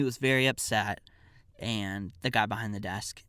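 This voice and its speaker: A man's voice: on the low side, normal speed, a bit bright, clear, resonant tone, no room sound, clean studio sound. A man hosting a podcast, telling a comedic personal story in a wry, digressive, offhand way.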